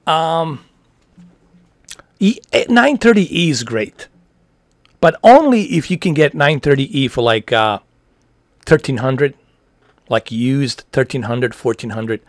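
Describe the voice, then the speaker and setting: Man, forties, livestream host, rambling casual chat, middle pitch, dry close sound. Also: lively intonation, slow pace, pauses often, dry recording. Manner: loose, rambling, friendly slang. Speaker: livestream host answering TV questions.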